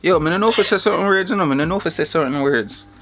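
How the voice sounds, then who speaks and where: A man's voice: fairly high pitch, very fast, over music, natural voice. A man putting on a flirty Jamaican-accented guy. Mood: laid-back flirty. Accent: Jamaican, put on. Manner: slangy, relaxed patois-style chatter.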